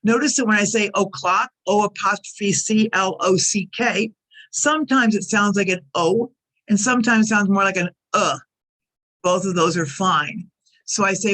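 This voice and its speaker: Woman teaching slow drilled English phrases. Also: mid-range voice, fairly bright tone. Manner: careful, repeats example sentences for learners. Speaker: ESL teacher. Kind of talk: slow clear teaching narration.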